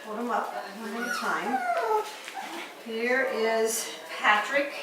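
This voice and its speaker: A woman breeder talking baby talk to a litter of puppies, coaxing and sing-song, her voice swooping up as she calls them. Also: takes it slowly. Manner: coaxing, sing-song, pitch swooping up when calling the dogs. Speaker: dog breeder showing a litter. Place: indoors with puppies and dogs. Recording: echoey room from a distance, loud noise.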